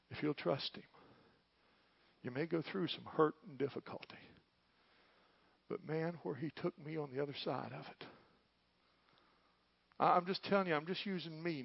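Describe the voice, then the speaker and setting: Middle-aged male pastor, fervent sermon, fairly high voice, dry and muffled recording. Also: moderate pace, gravelly, pauses often, breathy edge, no echo. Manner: fervent preaching, swinging from loud cries to hushed tones.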